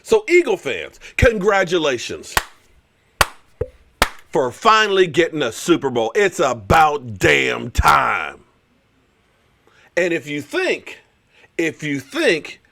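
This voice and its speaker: A man ranting on his live stream about football, sitting high in his register and swinging his pitch all over. He sounds fired up and sarcastic, mocking his rivals and hammering his points home by repeating himself. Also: fairly bright tone. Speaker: show host and former pro football player. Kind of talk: heated live-stream sports rant.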